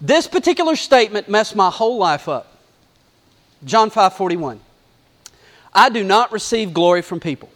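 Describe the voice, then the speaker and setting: Animated high-voiced preacher, echoey hall. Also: male voice, moderate pace, pauses often. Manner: animated, conversational preaching with acted-out asides. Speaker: pastor. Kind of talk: sermon.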